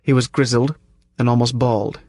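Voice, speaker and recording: A man reading a first-person story aloud at a measured, tense pace, close to the mic. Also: medium pitch, flat delivery, a little mellow. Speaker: audiobook narrator. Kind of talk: first-person audiobook narration.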